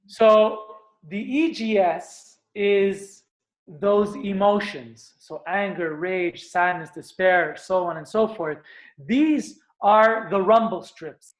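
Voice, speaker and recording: A man giving an earnest, animated motivational talk as a spiritual teacher, sometimes acting out what he describes. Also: high voice, takes it slowly. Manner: earnest, animated, acts out screams and stomps.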